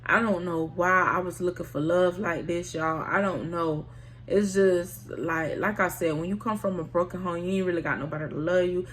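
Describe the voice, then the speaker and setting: A woman's voice: fairly low pitch, steady tone, normal speed, slight background noise. A woman telling a personal story in a casual storytime vlog, candid and slangy, often talking straight to her viewers. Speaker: storytime vlogger.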